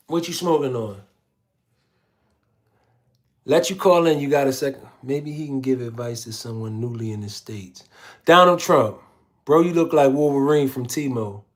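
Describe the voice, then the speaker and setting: A man hosting a casual livestream, reading viewer comments aloud in a slangy, laid-back way. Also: fairly high pitch. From Philadelphia. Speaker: livestream host.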